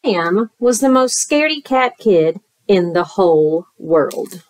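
A woman teacher reads a picture book aloud to children at an unhurried pace. Her pitch swings widely as she tosses in playful squeals and sound effects, and the recording is dry and close, with no room echo. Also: very animated, a little mellow.

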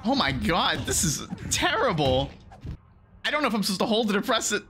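A gaming video creator doing let's play commentary, excitable, laughing a lot and yelling and swearing at the game. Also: medium pitch, fairly quick. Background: game music.

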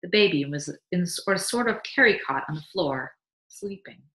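A woman teacher reading a short story aloud to a class, animated, with small restarts and asides. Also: fairly low pitch, normal speed, rough recording. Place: classroom or school library.

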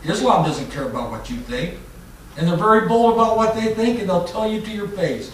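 A man's voice: expressive, fairly quick, a little hiss or hum. Fiery preacher man in an echoey hall. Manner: swings from loud mocking shouts to low intense warnings. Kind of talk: fiery sermon. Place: church hall. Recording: echoey church hall mic from a distance.

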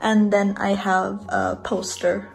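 A woman's voice: mid-range voice, level tone, slow pace, vocal fry, soft background music, low-quality recording. A woman in her twenties giving a casual bedroom tour, chatty and rambling with little giggles, filming on a handheld phone in her bedroom. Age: 20s. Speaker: vlogger. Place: bedroom, indoors.

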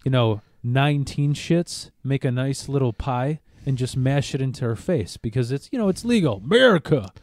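Mellow-voiced man telling a story. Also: medium pitch, moderate pace, hardly any pauses, dry recording. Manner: animated, acts out quotes, swears a lot, restarts. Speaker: podcast co-host telling a story. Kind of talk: casual storytelling.

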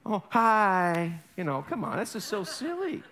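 A male pastor preaching a sermon in an animated way, acting out voices with humor. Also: high voice, a little slow, noisy background.

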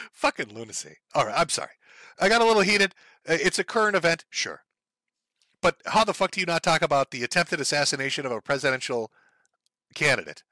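A commentary streamer delivers a heated, profane political rant packed with sarcastic, mocking impressions. His voice is on the high side and sing-song, a little fast with long pauses and a sharp tone, recorded with clean studio sound and no echo.

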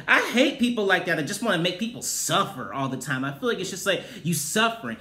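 A man giving a sassy, profane recap of a reality show, with loud exclaimed outbursts. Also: high voice, very animated, a little fast, hardly any pauses. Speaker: TV recap host. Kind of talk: casual review commentary. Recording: roomy echoey room.

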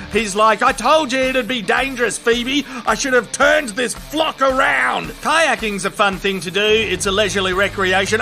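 Aussie bloke doing a funny voice-over, high bright voice, swears a lot, bit of music underneath. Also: male voice. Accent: Australian. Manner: crude, excitable, slangy running commentary. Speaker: comedic video commentator. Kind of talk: comedic voice-over commentary on viral clips.

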